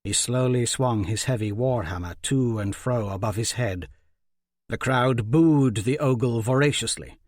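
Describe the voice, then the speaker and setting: A man narrating a fantasy audiobook in a measured, even way. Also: medium pitch, no echo, clean studio sound.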